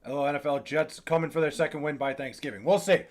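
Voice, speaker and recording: Young male streamer, slightly higher voice, cursing and venting casually to chat. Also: fast. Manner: frustrated, profane, restarts a lot. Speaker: livestreamer. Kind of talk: casual live chat reacting to comments.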